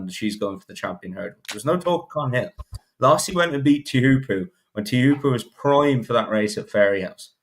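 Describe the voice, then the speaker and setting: Blunt, swearing man on a podcast. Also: mid-range voice. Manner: blunt, swearing, restarts sentences. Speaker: podcast panelist. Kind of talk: casual racing podcast chat.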